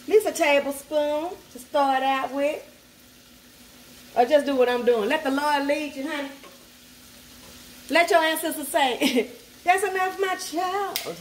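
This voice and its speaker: A woman's voice: sits high, steady tone, measured pace, pauses often, slight background noise. A woman, hosting a casual cooking tutorial at home and chatting playfully as she cooks. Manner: chatty, playful, sassy asides, talks to the food. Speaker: cooking channel host. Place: home kitchen at the stove. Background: food sizzling in a skillet.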